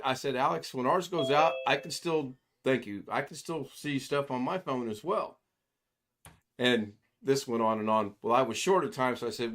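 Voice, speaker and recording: An older man hosting a casual livestream. He rambles through anecdotes at an ordinary middle pitch, acting out the people in his stories and chuckling as he goes. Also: animated, normal speed, fairly bright tone. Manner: rambling storyteller who acts out quoted voices, chuckling often. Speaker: livestream host. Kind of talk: casual chat.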